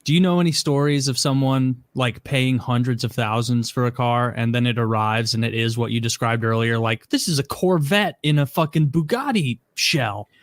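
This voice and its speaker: A man's voice: medium pitch, normal speed, hardly any pauses, dry recording. Dry-sounding man asking wry questions. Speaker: podcast co-host. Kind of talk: casual podcast chat.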